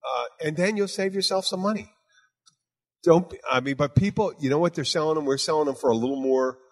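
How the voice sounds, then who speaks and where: A man's voice: a little high, brisk. Blunt, emphatic man hosting a bar podcast. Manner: emphatic, blunt, profane, repeats "you know what". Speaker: bartender podcast host. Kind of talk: casual chat.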